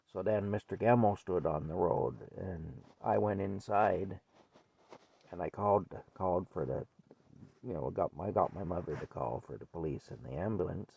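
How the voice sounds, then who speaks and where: A man's voice: low voice, moderate pace, creaky, mellow, slightly rough. An older man telling a childhood story in a rambling, folksy way. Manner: rambling, folksy, repeats himself. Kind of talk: casual spoken memoir.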